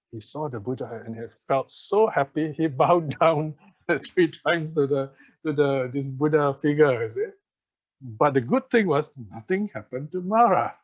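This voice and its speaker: An older man from Malaysia gives a Buddhist teaching over a video call, answering questions through relaxed stories. He laughs often and keeps checking in with his listeners. His voice sits at a middling pitch, and the call audio sounds dull and muffled. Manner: storytelling, often laughing, checking in with okay and you see.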